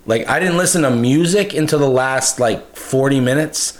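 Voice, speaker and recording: A man's voice: mid-range voice, normal speed, hardly any pauses. A young man co-hosting a podcast, telling a long story in loose, profane, rambling casual chat. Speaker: podcast co-host.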